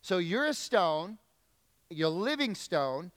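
Pastor, male, conversational preacher; smooth, clear voice in a reverberant church. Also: sits high, big pitch swings, slow pace, a bit bright. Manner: conversational preaching, asks the congregation questions. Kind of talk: sermon. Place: church sanctuary.

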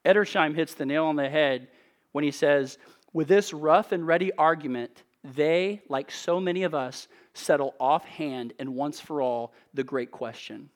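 A man preaching an expository sermon in an earnest, emphatic way, with measured rhetorical pauses. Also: a little high.

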